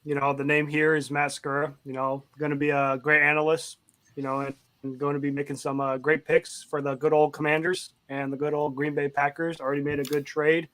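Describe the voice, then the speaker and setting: A man with a slightly high voice and a very flat, even melody talks as a guest analyst. He rambles along casually and keeps reaching for the same fillers. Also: a little fast. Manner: rambling, leans on "you know" fillers. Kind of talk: casual chat.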